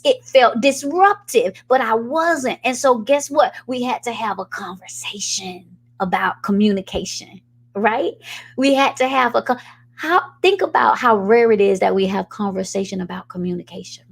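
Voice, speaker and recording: A middle-aged woman preacher giving an animated, sermon-style teaching, addressing the congregation directly. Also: fairly high pitch. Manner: animated, call-and-response preaching.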